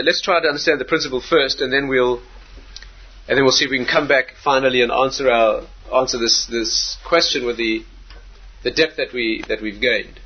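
A rabbi with a husky, slightly high voice lectures on the Torah. He is animated and circles back on his own phrases while he asks rhetorical questions. The recording sounds dull and lo-fi.

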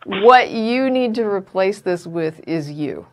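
A woman's voice: medium pitch, animated, slow, slight background noise. A woman co-hosting a call-in show, talking to a caller in a direct, earnest, explaining way. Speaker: co-host.

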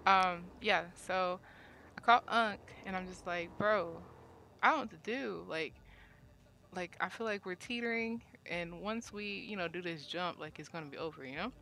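A woman recounts a painful relationship story in loose, casual talk, packing her sentences with fillers and starting over when she gets upset. She swears freely. Her voice is bright, with a forceful edge. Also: lowish voice, normal speed, a little hiss or hum. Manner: rambling, many fillers, repeats herself when upset. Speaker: cast member sharing her side.

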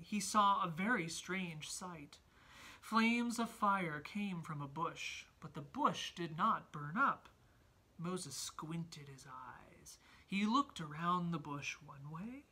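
Husky-voiced woman teaching kids at home. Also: lowish voice, lively intonation, takes it slowly. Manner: gentle, encouraging, talks to children. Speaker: Sunday school teacher, parent. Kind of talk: home Sunday school lesson and storybook reading. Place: family home.

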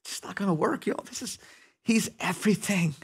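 Animated pastor preaching to church. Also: male voice, high-pitched, brisk, husky. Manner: conversational preaching, asks the congregation questions, grows loud and animated. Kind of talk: sermon. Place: church sanctuary before a congregation.

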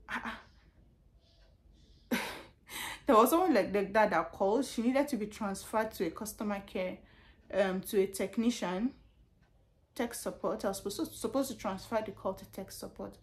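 A young Nigerian woman with a Nigerian accent tells stories from her customer service job in a relaxed vlog. She talks animatedly and repeats phrases for emphasis. Her pitch sits in an ordinary middle range for a woman. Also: moderate pace, long pauses. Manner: animated storytelling with laughs and repetitions. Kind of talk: casual vlog chat.

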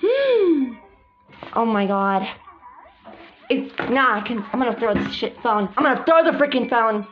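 A woman voicing several girl characters in a hobby drama, exclaiming frantically and swinging between shouts and mutters. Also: on the high side, sing-song, measured pace, pauses often. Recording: dull lo-fi recording with music behind.

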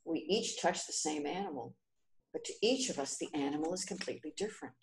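A woman's voice: sits low, lively intonation, a little fast, a little hiss or hum. A woman voicing an earnest blind man explaining himself in a storybook reading.

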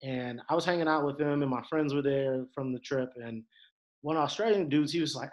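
A man in his thirties from Detroit, a guest on a podcast, telling stories in a lively, animated way and acting out the voices of the people in them. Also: mid-range voice, brisk, muffled recording. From Detroit, USA. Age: 30s. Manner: animated storyteller, acts out quoted voices. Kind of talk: casual conversation, storytelling.

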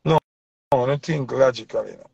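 A man's voice: medium pitch, fast, vocal fry, darkish tone, husky, dry recording. A man with a Jamaican accent delivering a passionate, preachy commentary rant in heavy Patois. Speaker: vlogger. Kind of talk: ranting commentary. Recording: dull lo-fi dry sound.

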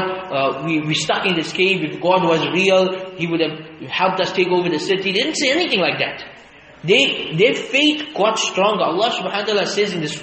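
Male preacher, high voice, rhetorical and emphatic, long hall reverb. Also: slight background noise. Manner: rhetorical questions, emphatic and animated. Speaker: lecturer. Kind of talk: Friday sermon lecture. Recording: echoey hall, faint ambience.

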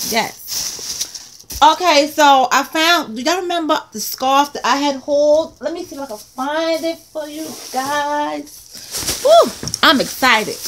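A woman hosting a casual haul vlog about craft supplies, excitable and full of playful exclamations and asides, recorded on a close mic at a table. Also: high voice, slow, a little hiss or hum.

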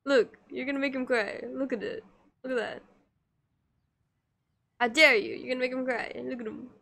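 A woman's voice: sits high, steady tone, fast talker, vocal fry. A woman streamer chatting casually with her viewers while she draws, giggly and playful as she teases her chat.

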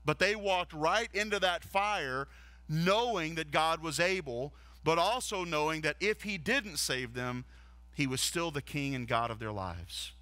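A man's voice: on the high side, measured pace, sharp tone, dry recording. A man, a lead pastor, preaching a sermon earnestly and asking the congregation rhetorical questions. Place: church stage.

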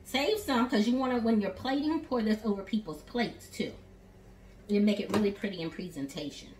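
A woman with a mid-range voice and a Southern US accent talks a little fast while demonstrating cooking in her home kitchen. The home chef stays chatty and encouraging, calling viewers "y'all" and "honey." Her voice sounds distant in the echoey room, with background noise.

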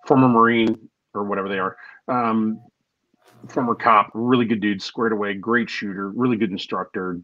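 A man's voice: on the low side, a bit bright, dull audio. A man in casual podcast chat as a guest instructor, blunt and joking.

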